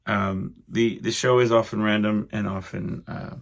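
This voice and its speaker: Young man, podcast host, low-pitched, gravelly, meandering solo chat. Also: steady tone, a little slow. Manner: meandering, full of fillers and asides.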